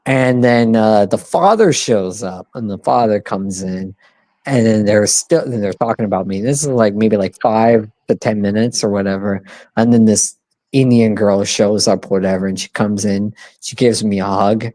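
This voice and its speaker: A man in his thirties with a lowish voice, chatting casually on a podcast. He tells long, rambling stories, swears freely and acts out the people he quotes. The recording is dry and close. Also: normal speed, dark tone, dry recording. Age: 30s. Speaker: podcast co-host. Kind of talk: casual storytelling chat.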